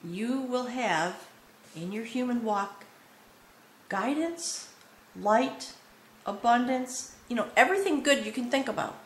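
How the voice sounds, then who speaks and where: A tarot reader gives a spoken reading to viewers in a slightly high voice, speaking slowly, meandering and earnest, often checking in with "okay?" and sounding a little choked up. The room is echoey, with faint ambience and slight background noise.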